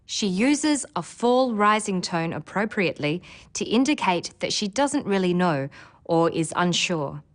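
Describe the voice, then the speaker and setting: Lively woman narrating an English lesson. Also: fairly low pitch. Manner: clear, measured explanations. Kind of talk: scripted instructional narration.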